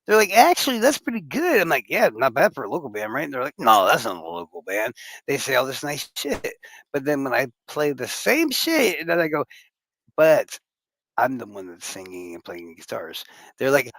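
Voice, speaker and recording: Man, gravelly, lively pitch, rambling casual stream chat, swears, dry sound. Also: normal speed, dry recording, poor audio. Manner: rambling, swears, acts out quoted reactions. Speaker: streamer and musician.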